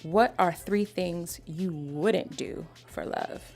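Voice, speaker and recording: A woman reading out interview questions in a lively way. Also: lowish voice, slow, soft background music.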